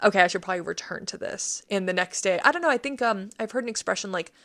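A woman's voice: medium pitch, lively intonation, fast, fairly bright tone. A woman co-hosting a faith podcast in casual chat, laughing often and acting out quotes. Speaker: podcast co-host.

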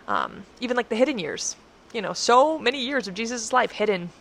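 A woman's voice: a little high, animated, brisk, gravelly, a bit bright, slight background noise. A young adult woman who reads a scripture passage aloud, then reflects on it in an earnest, rambling, chatty way with many fillers. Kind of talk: scripture reading and personal reflection.

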